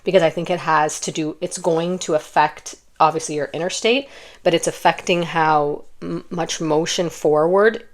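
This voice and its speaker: Brief: young woman, lowish voice, gentle rambling card reader, lots of "like" and restarts. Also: fairly even intonation, moderate pace. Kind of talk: intuitive pick-a-card reading.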